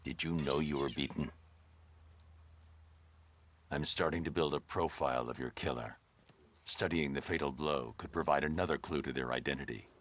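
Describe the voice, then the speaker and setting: An actor playing a brooding masked vigilante detective, speaking in terse, low, deliberate lines. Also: male voice, a bit bright. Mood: grim. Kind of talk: video game voice acting. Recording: game audio with noise.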